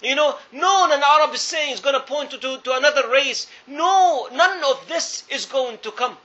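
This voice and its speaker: A man's voice: extremely high pitch, moderate pace, bright, forceful tone. A man preaching a sermon, telling a story earnestly and repeating phrases for emphasis. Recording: dull lo-fi recording.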